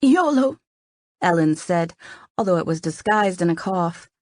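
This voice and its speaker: A woman narrating a romance novel in the first person, her voice sitting low and earnest. The sound is close and completely dry, with no room around it. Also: steady tone, normal speed, a little mellow, no room sound. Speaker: audiobook narrator.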